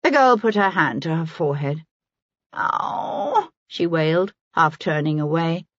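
A woman reading a historical novel aloud as an audiobook narrator, in a measured storytelling manner. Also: low voice, fairly bright tone, no room sound, lo-fi sound. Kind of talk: scripted narration.

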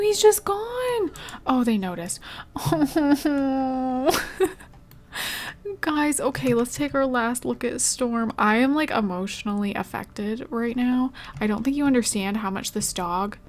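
Young woman gamer, high voice, gasps and exclaims to her viewers while she plays. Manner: talks to viewers, gasping and exclaiming. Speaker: let's play gamer. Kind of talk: emotional gameplay commentary.

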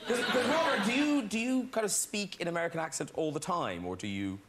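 High, animated talk show host man. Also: fairly quick. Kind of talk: chat show hosting. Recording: loud studio audience and noise.

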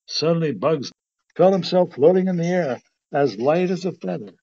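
A man narrates a children's storybook in a steady, plain manner. His voice is a touch high and husky, on a slightly dull, lo-fi recording. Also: moderate pace. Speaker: storybook reader. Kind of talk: reading a children's storybook aloud.

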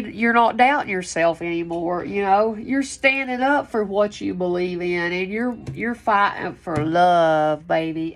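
A woman talks her way through a tarot card reading in a loose, chatty manner. She lets out whoops and laughs now and then. Her voice sits at a middle pitch. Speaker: tarot reader. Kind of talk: casual spoken card reading.

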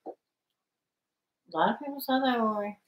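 A woman's voice: fairly high pitch, expressive, slow pace, roomy sound. A woman co-hosting a live stream, teasing her co-host and greeting viewers in a joking way. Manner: teasing, jokey.

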